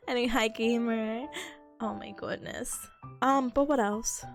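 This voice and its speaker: A young woman chatting casually on a stream, sick with a nasal, hoarse voice, giggly and rambling. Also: fairly high pitch, fairly even intonation, takes it slowly, soft background music.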